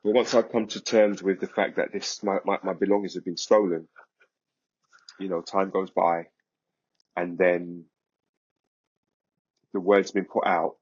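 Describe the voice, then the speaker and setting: A man, a podcast guest, recounting a story in a vivid, animated way. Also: sits low, a little slow, long pauses, breathy edge, lo-fi sound. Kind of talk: casual storytelling.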